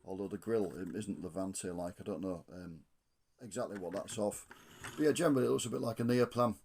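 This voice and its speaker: A man reviewing a model coach, thinking aloud with frequent ums and restarts, slightly hoarse from losing his voice. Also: deep voice, fast talker, a little mellow, a little hiss or hum. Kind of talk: casual hands-on product review.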